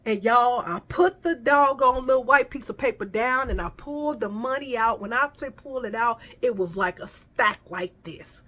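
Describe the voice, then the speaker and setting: A woman telling a casual personal story, animated and profane, often calling her listeners y'all. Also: mid-range voice, moderate pace, hardly any pauses. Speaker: vlogger.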